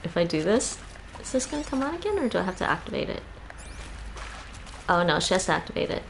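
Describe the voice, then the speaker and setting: Gravelly-voiced Canadian woman streamer. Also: mid-range voice, sing-song, fast, a little hiss or hum. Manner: chatty, laughs often, thinks aloud. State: a little tired. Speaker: game streamer. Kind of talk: casual chat while streaming gameplay.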